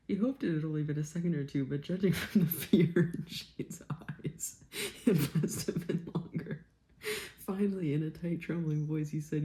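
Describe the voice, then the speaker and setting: A woman book vlogger reading a novel aloud and reacting excitedly, often dropping into a whisper. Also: sits low, creaky.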